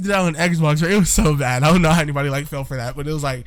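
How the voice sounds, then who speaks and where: A man's voice: a little high, very fast, dry recording. A young man casually coaching viewers on voice work, slangy and encouraging, on a close home mic. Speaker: voice tutorial creator. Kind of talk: casual tutorial chat.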